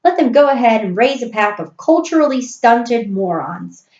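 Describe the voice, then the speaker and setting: A woman's voice: a little high, expressive, normal speed, a little mellow. A woman voicing an impatient, fed-up wife who rants scornfully. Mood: insistent. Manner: ranting, scornful, emphatic. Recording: roomy, dull recording.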